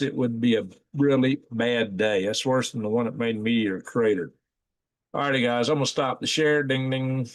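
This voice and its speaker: A man in his forties rambles through his live stream in an easy, informal way. His voice sits at an ordinary middle pitch, recorded dry and close with no room sound. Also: a bit bright, dry recording. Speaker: channel host. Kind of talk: live-stream casual talk.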